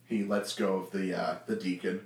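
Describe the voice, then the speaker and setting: A man's voice: sits low, level tone, moderate pace, roomy sound, recorded from a distance. A man narrating playfully as the game master of a tabletop game.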